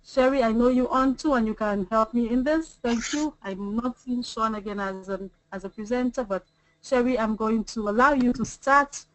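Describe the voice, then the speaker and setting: A woman's voice: a little high, moderate pace, a bit bright, dry recording, poor audio. A woman hosting a business group call, giving an upbeat, rallying talk in list-like runs. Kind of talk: motivational talk on a conference call. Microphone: online call audio.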